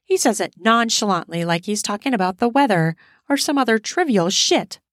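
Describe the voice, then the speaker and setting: Woman, erotic audio story narration, steady delivery, dry close sound. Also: mid-range voice, moderate pace, no echo.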